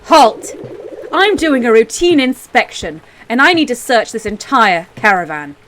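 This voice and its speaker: A woman's voice: on the high side, sing-song, measured pace, a bit bright, a little hiss or hum. A woman voicing a stern, suspicious female border guard in a game, barking orders and accusations.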